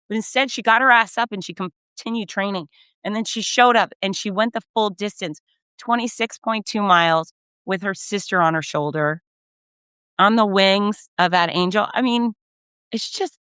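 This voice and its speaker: A middle-aged woman recaps her weekend as a race announcer, effusive and animated, acting out every quote. Her voice is bright and crisp. It is recorded dry and close with no room sound. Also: mid-range voice, normal speed, no echo. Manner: effusive, animated storyteller who acts out quotes. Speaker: race announcer and podcast host. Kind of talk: casual storytelling recap.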